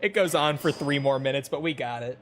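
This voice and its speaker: A male streamer chats casually while reacting to a clip, amused and quick to laugh. His voice sits a little high, and faint noise hums underneath. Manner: chatty, amused, laughs often.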